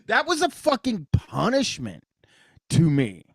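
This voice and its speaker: A man's voice: very high-pitched, dry recording, clean studio sound. A man with a Midwestern American accent hosting a call-in radio show, chatting casually and rambling, swearing and laughing as he talks. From Columbus, Ohio, US Midwest.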